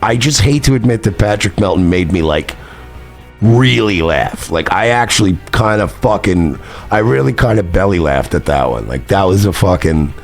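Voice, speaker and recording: Man, gravelly voice, lively swooping pitch, profane heated rant, faint music behind. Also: moderate pace. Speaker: streamer host. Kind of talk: ranting commentary.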